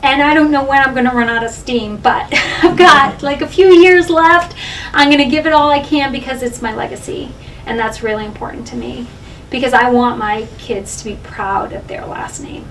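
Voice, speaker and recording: A middle-aged woman from Massachusetts giving an animated talk about her own life at a library, recorded from a distant room mic. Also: a little high, fairly quick, slight background noise. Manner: animated storyteller, often laughing. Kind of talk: personal storytelling talk.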